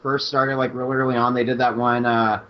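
A man's voice: medium pitch, flat delivery, fairly quick. A man hosting a podcast, talking loosely and laughing often, with lots of fillers. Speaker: podcast host. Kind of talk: casual chat. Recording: dull lo-fi podcast audio.

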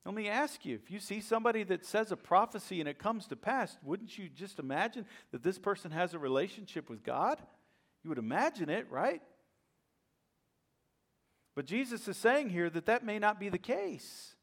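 Male pastor with a high voice, emphatic sermon delivery that drops to a hush. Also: very animated, normal speed. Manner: emphatic preaching that swings from loud to hushed.

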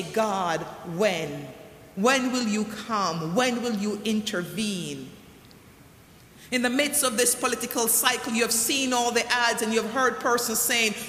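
Preacher giving a sermon in a big echoey room, bright voice, drags out the big lines. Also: medium pitch. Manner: repeats lament refrain, drawn-out slow emphasis. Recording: echoey hall, faint room noise.

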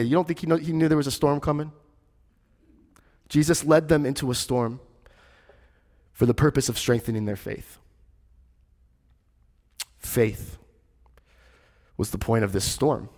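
A male pastor preaching in a conversational, storytelling manner, his voice sitting mid-range. He swings from lively to hushed for emphasis, and the sound rings with long reverb in a church hall. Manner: conversational, animated storytelling, drops low and quiet for emphasis. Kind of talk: sermon.

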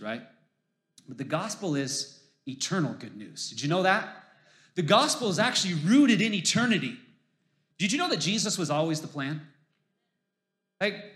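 A man's voice: on the high side, fairly bright tone, roomy sound. A male pastor preaching a sermon to his congregation, emphatic and exhorting, his voice rising as he urges listeners on.

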